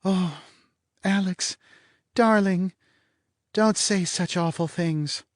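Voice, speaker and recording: A man voicing a theatrical young blonde wife in an audiobook, pleading in a shrill, high falsetto wail. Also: takes it slowly, no echo, studio quality. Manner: melodramatic, breathless pleading. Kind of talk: audiobook character voice.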